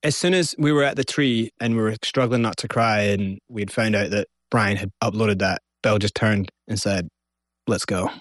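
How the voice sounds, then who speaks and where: A man's voice: fairly low pitch, normal speed, hardly any pauses, no room sound, studio quality. A man from Scotland with a Scottish accent, a guest telling his story in an interview and acting out what people said. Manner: animated, acts out quotes.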